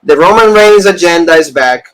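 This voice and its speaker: A man co-hosting a casual wrestling review show, talking in animated rants full of fillers and repeated phrases. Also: on the high side, moderate pace, poor audio. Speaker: podcast co-host.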